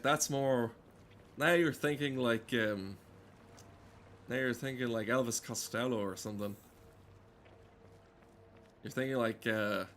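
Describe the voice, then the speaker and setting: A man's voice: medium pitch, fairly bright tone, a little hiss or hum. A man giving casual game commentary, rambling and self-mocking, swearing often and stumbling over fillers. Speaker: let's play gamer.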